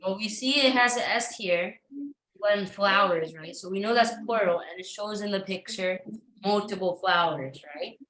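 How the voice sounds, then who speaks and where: A woman's voice: mid-range voice, normal speed, fairly bright tone. Encouraging woman teacher in an echoey room. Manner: encouraging, many ums and uhs. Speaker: online English teacher. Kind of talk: remote classroom teaching.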